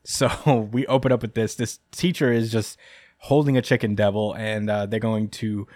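A man's voice: on the low side, fairly even intonation, normal speed, a little mellow, dry recording, clean studio sound. A man hosting a podcast, recapping a chapter in a casual, rambling way with frequent laughs. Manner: rambling, lots of ums and laughs. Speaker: podcast host.

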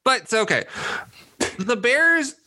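A man co-hosting a sports podcast, talking in an animated, joking way, laughing often as he makes his case. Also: very high voice, slow. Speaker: podcast co-host. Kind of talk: casual sports debate.

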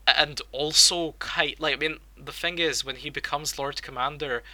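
A man's voice: a little high, fairly even intonation, moderate pace, bright, forceful tone, no room sound, rough recording. A man, a podcast co-host rambling through a casual book discussion, restarting his sentences and laughing often.

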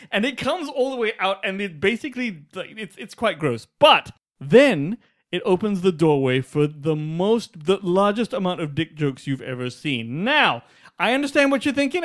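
A man co-hosting a casual film review chat, excitable and profane, often cutting off his co-host. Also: high-pitched. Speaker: podcast co-host reviewing films.

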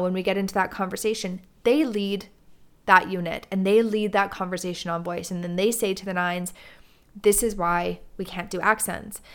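A woman from Canada, a drama teacher, giving a measured and earnest talk about teaching and student relationships. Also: mid-range voice.

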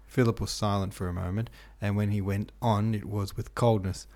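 A man reading a classic novel aloud in a steady, measured way, with the odd small slip. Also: lowish voice. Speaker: audiobook narrator.

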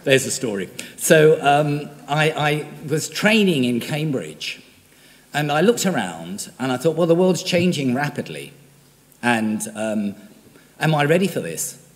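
A man's voice: on the high side, sing-song, unhurried, long reverb tail. An older male priest with an English accent, born in Australia, giving a conversational, self-deprecating homily with frequent fillers.

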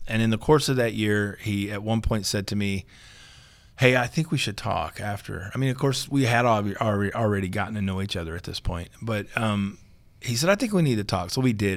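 Young guy with a lowish voice telling a story on a podcast, animated, acts out the other people, dry sound. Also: smooth, no echo. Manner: animated, acts out dialogue with laughter. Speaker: seminarian guest. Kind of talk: casual storytelling.

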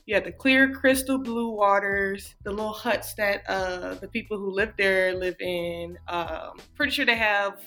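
A woman's voice: mid-range voice, measured pace, few pauses, sharp tone, soft background music. A woman, chatting casually as a podcast co-host, rambling and laughing often. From Atlanta, USA. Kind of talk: casual chat.

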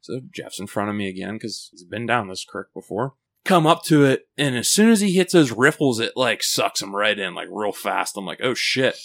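A man telling a rambling, profane story on a casual podcast, laughing as he goes and filling his talk with "like" and "right?". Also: on the low side. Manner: animated, full of fillers like "like" and "right?".

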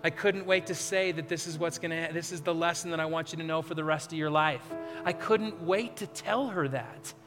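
A middle-aged man preaching an Easter sermon as a pastor, telling a story earnestly and swinging between loud emphasis and hushed moments. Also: a little high, moderate pace. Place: large church hall with live band. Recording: reverberant hall with faint band music.

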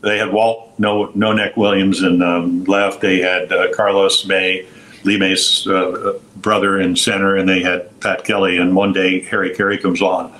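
A man's voice: deep voice, fairly even intonation, normal speed, fairly bright tone, rough recording. Older man telling rambling baseball stories. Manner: rambling anecdotes with frequent restarts and quoted voices. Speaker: guest, former pitcher and broadcaster. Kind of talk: storytelling interview.

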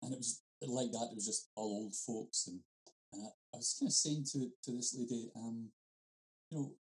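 A man's voice: mid-range voice, normal speed, a little mellow, rough recording. A middle-aged man hosting a podcast interview, friendly and informal in his questions and stories. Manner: friendly, informal, says mate. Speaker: podcast host. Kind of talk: conversational interview.

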